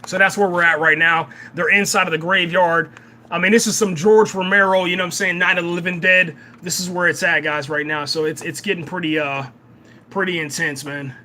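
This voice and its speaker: A young man hosting a live reaction and review of a TV episode, excitable, often repeating himself and tacking "man" onto his sentences. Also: high-pitched, a little fast. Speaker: reaction channel host.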